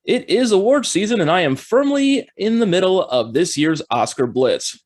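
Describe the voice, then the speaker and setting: An upbeat man breaks down award nominees in a scripted film review, his speaking voice sitting a little above the usual male range. He keeps an explanatory, steady delivery. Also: sits high, normal speed.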